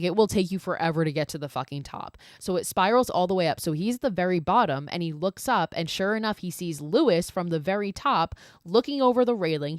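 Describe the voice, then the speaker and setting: A woman hosting a podcast, retelling a horror film's plot in a chatty, animated way with lots of fillers and swearing. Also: fairly low pitch, dry recording, studio quality. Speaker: podcast host. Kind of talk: casual horror film plot recap.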